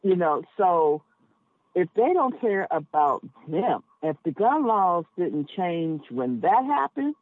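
Slow-paced and lowish, with big swings in pitch, a female cab driver speaks frankly as a podcast guest, stressing her points and thinking aloud through plenty of asides. The call sounds tinny and dry, with no room sound.

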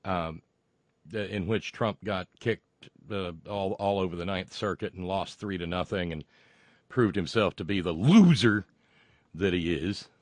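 A man hosting a podcast alone, rambling and halting through sardonic remarks. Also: low-pitched, no echo. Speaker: podcast host. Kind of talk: casual solo podcast monologue.

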